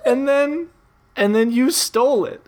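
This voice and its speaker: A bawling, self-pitying tree blob monster rants in a shrill, cracking voice far above a normal man's, as a man puts him on for a spoken story. He curses, stammers and whines, his pitch swooping around wildly. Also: expressive, normal speed, full character voice. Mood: sobbing self-pity. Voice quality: shrill, yelling, whiny. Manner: ranting and sobbing, cursing, stammering. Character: angry sobbing male tree blob monster, self-pitying failed accountant.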